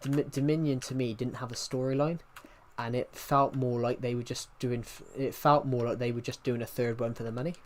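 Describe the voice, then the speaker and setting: A man's voice: medium pitch, fairly even intonation, a little fast, few pauses, a little hiss or hum. Rambling young British man streaming. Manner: rambling, many restarts, answers viewer chat. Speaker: livestreamer. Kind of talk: casual stream chat.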